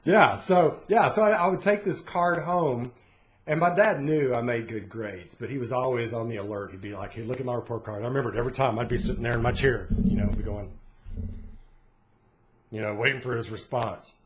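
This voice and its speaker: A man's voice: medium pitch, a little fast, a loud crowd. A middle-aged man co-hosting a casual chat, telling stories and acting out what people said. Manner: animated storyteller, acts out quotes. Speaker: podcast co-host.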